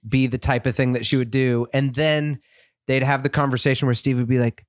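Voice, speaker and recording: A man's voice: mid-range voice, flat delivery, brisk, no room sound, clean studio sound. A man co-hosting a podcast, chatting casually and eagerly with his guest. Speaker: podcast co-host. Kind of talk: casual chat.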